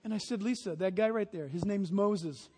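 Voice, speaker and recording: High-voiced animated preacher in a hall. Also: male voice, normal speed, a little hiss or hum. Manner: animated storytelling, imitating honking geese. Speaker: pastor. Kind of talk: sermon.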